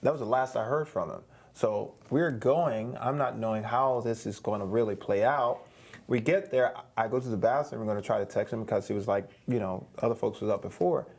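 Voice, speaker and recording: Gravelly man telling a long story. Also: on the low side, fairly quick. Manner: animated storyteller, acts out quoted voices, many restarts. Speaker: interview guest. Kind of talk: storytelling in a casual interview.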